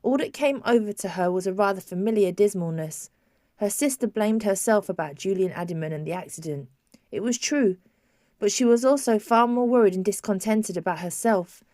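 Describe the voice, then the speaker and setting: A woman's voice: medium pitch, dry recording. Woman narrating in a dry, close voice. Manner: measured, even storytelling. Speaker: audiobook narrator. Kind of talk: scripted narration.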